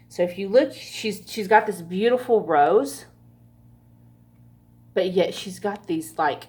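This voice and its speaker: A woman giving a casual pick-a-card tarot reading, chatty and laughing often, with frequent swearing. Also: on the low side. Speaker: tarot reader.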